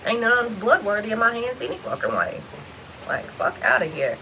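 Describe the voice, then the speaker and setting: A woman's voice: a little high, very animated, a little fast, sharp tone, slight background noise, low-quality recording. A woman talking straight to the camera in a casual personal monologue, blunt and heavily profane, rambling loosely from one thought to the next. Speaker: vlogger.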